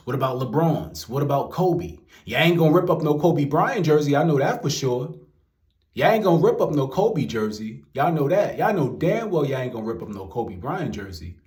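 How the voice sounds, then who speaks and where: A man's voice: on the high side, darkish tone. Young New guy, exasperated profane rant, roomy echoey room. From New York. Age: young adult. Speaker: commentary vlogger. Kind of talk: ranting commentary. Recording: roomy echo.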